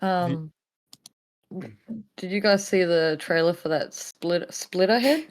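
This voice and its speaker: A woman's voice: lowish voice, steady tone, takes it slowly, clear, resonant tone, low-quality recording. A woman co-hosting a podcast, chatting in a laid-back way and hedging with "like". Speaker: podcast co-host. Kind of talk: casual chat.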